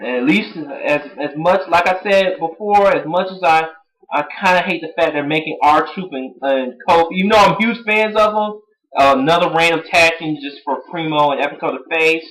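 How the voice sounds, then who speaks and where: A man giving a casual recap of a wrestling show as an excitable fan, chatty and full of fillers. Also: on the high side, moderate pace, low-quality recording. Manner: excitable, bursts into shouting and laughter, chatty with fillers.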